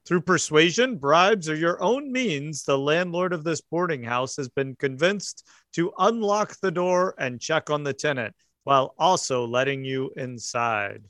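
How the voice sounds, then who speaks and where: A man's voice: a little high, expressive, a little slow, a bit bright, no echo, studio quality. A man running a tabletop game and reading out its setup. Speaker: game master. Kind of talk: reading scenario text.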